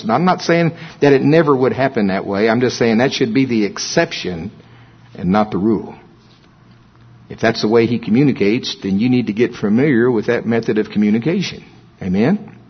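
A man's voice: medium pitch, lively intonation, a little fast, breathy edge. A man preaching a sermon in a folksy way, with humorous asides to the congregation. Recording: dull lo-fi recording.

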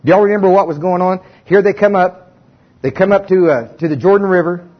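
A male pastor preaching a sermon with animated, folksy storytelling and humor, in a dull lo-fi recording. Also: high voice, a little fast.

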